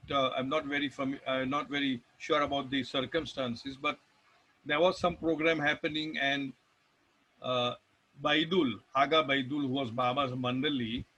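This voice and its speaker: A man's voice: medium pitch, fairly bright tone, slightly rough, low-quality recording. A man with an Indian English accent giving a rambling spiritual talk, telling stories with restarts and emphatic lists. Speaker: devotional speaker.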